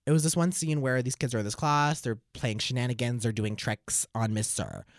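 A young man telling a comic story in a camp, dramatic way, with slow, deliberate delivery. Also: mid-range voice, lively intonation, dry recording, studio quality. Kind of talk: comic monologue.

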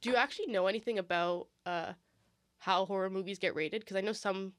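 A woman's voice: medium pitch, fairly quick, dry recording, studio quality. A young woman co-hosting a casual chat, talking in a rambling, self-deprecating way. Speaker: co-host.

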